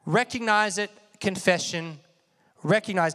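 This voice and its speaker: In a hall with long reverb, a man preaches conversationally, frequently posing questions to his audience and having them echo words back. His voice is a little high and fairly bright, moving at a moderate pace.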